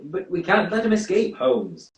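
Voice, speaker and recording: A man's voice: high voice, wildly swooping pitch, normal speed. Doctor Watson, played by a man, in a roomy space. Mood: earnest. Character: earnest male doctor, the detective's loyal companion. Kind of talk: radio drama acting. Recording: roomy home recording.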